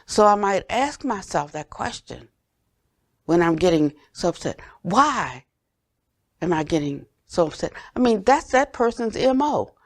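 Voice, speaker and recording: An older woman delivers a dharma talk in an earnest, gently questioning way. Her mid-range voice often sinks to soft, low tones at the ends of phrases. The sound is dry and close, with no room echo. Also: sing-song, unhurried. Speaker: Buddhist teacher.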